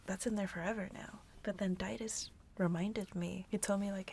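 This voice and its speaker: A young woman co-hosting a podcast in whispered ASMR chat, gentle and reflective, with a creaky voice. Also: mid-range voice, steady tone, moderate pace, few pauses, slight background noise. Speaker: podcast co-host.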